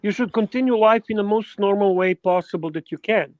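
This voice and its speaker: A man's voice: high-pitched, a little fast, no room sound. A man co-hosting a casual livestream, speaking hesitantly with many fillers and a reassuring tone. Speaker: regular livestream co-host. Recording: dull, dry lo-fi mic.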